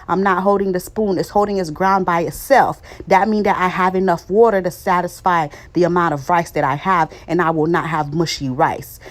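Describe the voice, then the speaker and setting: A woman hosting a casual cooking tutorial, chatty and direct with viewers, calling them "baby" and checking in with "okay?" after each step. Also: medium pitch. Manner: chatty, talks straight to viewers, calls them "baby", ends points with "okay?"; theatrical suspense and loud celebration during the reveal. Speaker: cooking channel host.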